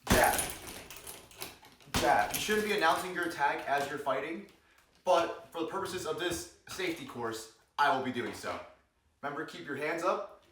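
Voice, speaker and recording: A man's voice: on the high side, normal speed. A man teaching self-defense moves in a joking vlog, calling out strikes as he demonstrates them. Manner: playful, demonstrates moves while explaining, cracks jokes; energetic, calls out strikes during demonstrations. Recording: roomy, distant mic, noisy.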